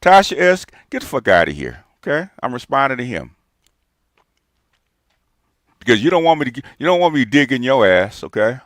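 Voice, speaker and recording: Heated man with a lively, swinging voice. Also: mid-range voice, normal speed, pauses often, no room sound, studio quality. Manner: heated, repeats retorts, scoffing laughs. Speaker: channel host reacting to a clip. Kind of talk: combative reaction commentary.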